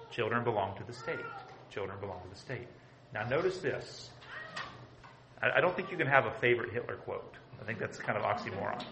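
In a church sanctuary, a male pastor with a mid-range voice preaches an emphatic sermon, asking the congregation rhetorical questions and repeating his points. The room is echoey and the background is noisy.

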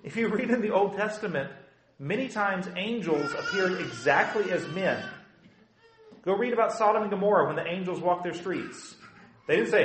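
A man's voice: sits high, lively intonation, moderate pace, a bit bright, reverberant, poor audio. A male pastor preaching a conversational sermon who acts out the quotes he tells.

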